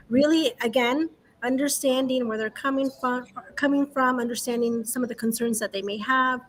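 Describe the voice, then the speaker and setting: A woman's voice: a little high, a bit bright, slight background noise. A woman moderating a panel who recaps and affirms what the guests say. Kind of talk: panel discussion.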